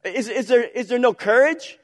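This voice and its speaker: A man voicing the shepherd boy David from a sermon, pleading and rising to a shout. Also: very high voice, normal speed, pitched above the performer's own voice. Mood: urgent pleading. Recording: long hall reverb.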